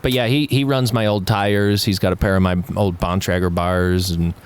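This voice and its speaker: A man's voice: deep voice, fairly even intonation, normal speed, clear, resonant tone. A man co-hosting a casual podcast, telling loose stories with lots of laughter, swearing and acted-out quotes. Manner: laughing, swearing storyteller who acts out quoted talk. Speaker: podcast co-host. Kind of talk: casual chat.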